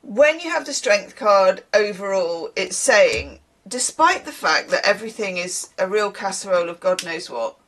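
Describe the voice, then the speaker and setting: A chatty woman hosts a casual tarot reading vlog, drifting off on tangents and laughing at herself. Her voice sits at a middling pitch but moves around a lot, bouncing up and down as she talks. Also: expressive, moderate pace, few pauses, a bit bright. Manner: chatty and rambling, often laughing. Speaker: tarot reader.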